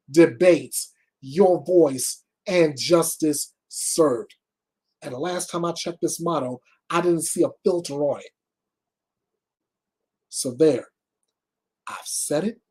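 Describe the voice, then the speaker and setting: This husky, rather high-pitched male news host is forceful and direct. Reading out crime stories and adding his own remarks, he refuses to sugarcoat and paces his words deliberately.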